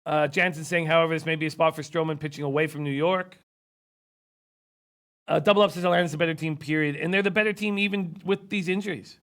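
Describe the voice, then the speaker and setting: A man's voice: a little high, steady tone, fast, fairly bright tone. A man hosting a sports betting show, losing his voice, reading viewer comments and rattling off stats. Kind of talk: casual sports betting talk.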